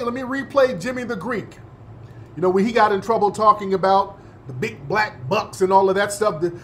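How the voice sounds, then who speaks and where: Delivering a forceful talk-show monologue, this male host restates his points and keeps asking his audience "yeah?". His voice is high-pitched, with slight background noise.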